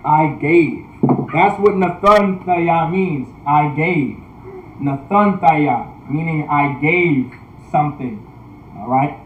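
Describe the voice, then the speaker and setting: A man teaching a language class online, repeating points, often asking "all right?", and sounding out words slowly. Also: fairly high pitch, roomy sound, lo-fi sound, slight background noise. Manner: repetitive, checks in with "all right?"; restarts sentences often. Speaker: priest.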